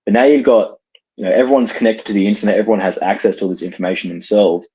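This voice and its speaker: A man in a heated casual debate, halting and restarting often with lots of "like". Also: lowish voice, mellow, slightly rough, lo-fi sound. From Australia.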